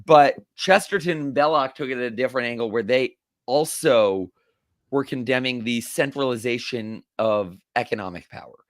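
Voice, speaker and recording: A man who is a podcast guest, talking casually and thoughtfully, pausing to correct himself. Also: mid-range voice, dry recording, studio quality.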